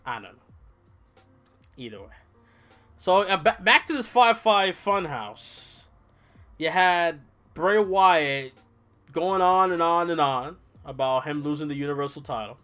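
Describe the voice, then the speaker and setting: A man's voice: on the high side, measured pace, pauses often, soft background music. A young man casually reviewing a wrestling show on a livestream, rambling, swearing and tired from little sleep. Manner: rambling, animated, swears, mimics people in quotes.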